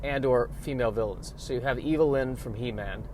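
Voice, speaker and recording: A man's voice: mid-range voice, fairly quick, noisy background. A man hosting his own podcast in a casual, rambling monologue, talking in an offhand, self-mocking way. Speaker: podcast host.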